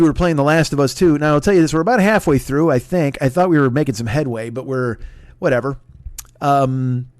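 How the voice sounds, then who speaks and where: A podcast host in his forties rambles through casual plugs on his solo show, swearing and poking fun at himself. His voice is a little high and a little mellow, on a dry close-mic recording.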